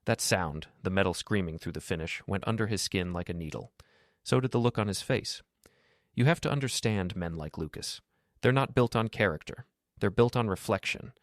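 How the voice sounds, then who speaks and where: Brief: male narrator, calm and measured, very low voice, dry close recording. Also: no room sound. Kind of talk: first-person story narration.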